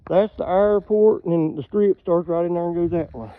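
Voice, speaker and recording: A man rambles through folksy tales outdoors, chuckling as he goes. His voice sits high for a man, and the phone audio is dull and lo-fi. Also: normal speed, no room sound. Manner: rambling, folksy, laughs at his own stories. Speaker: outdoorsman showing hunting land. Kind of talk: casual storytelling to camera. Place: outdoors on a ridge trail.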